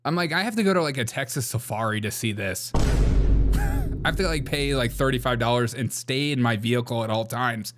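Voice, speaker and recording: A man's voice: mid-range voice, wildly swooping pitch, normal speed, heavy background noise. Male host, casual sarcastic commentary, laughs a lot between remarks. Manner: sarcastic, laughs often while talking. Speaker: political commentary show host.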